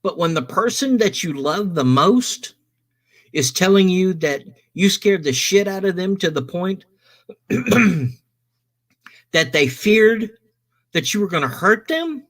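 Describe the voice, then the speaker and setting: A middle-aged man casually telling a personal story, animated, swearing and quoting others in his own voice. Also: sits high, slow pace, long pauses.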